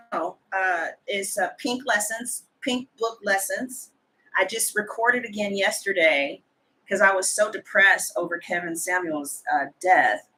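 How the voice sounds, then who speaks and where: Chatty blunt woman with a bright voice. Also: medium pitch, poor audio. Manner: chatty, gossipy and blunt, with slang and swearing. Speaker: tarot reader. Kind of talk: casual chat to camera.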